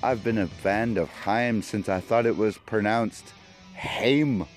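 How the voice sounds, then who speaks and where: A man's voice: on the low side, slow pace, soft background music. A man hosting a solo podcast, talking in a loopy, wandering, jokey way. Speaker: podcast host. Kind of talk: rambling solo podcast chat.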